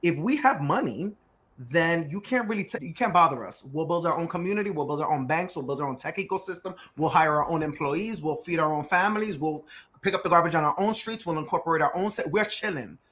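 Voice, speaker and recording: A man speaking as a guest on a podcast, his voice sitting a little higher than most men's. He tells stories with energy, slips into voices when he quotes people, and drives points home by repeating words. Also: fast talker. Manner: animated storyteller acting out quotes; emphatic, repeats key words. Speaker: startup growth CEO guest. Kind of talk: podcast interview conversation.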